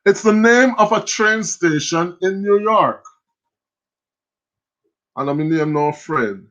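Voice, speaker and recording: A man's voice: sits high, slow. A man with a Jamaican accent hosting a live quiz stream, joking and reading viewer comments aloud. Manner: animated, joking, reads chat comments aloud. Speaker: quiz host. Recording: lo-fi stream audio.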